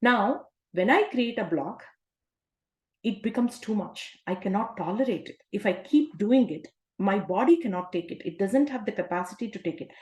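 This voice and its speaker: A woman's voice: mid-range voice, animated, moderate pace, a little mellow, dull audio. A woman coach giving a self-help talk in a conversational way, often asking rhetorical questions. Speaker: life coach. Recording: roomy echo.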